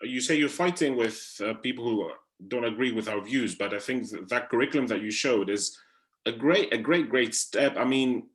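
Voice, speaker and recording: A man's voice: mid-range voice, normal speed. A man moderating a panel discussion, courteous and encouraging toward the speakers.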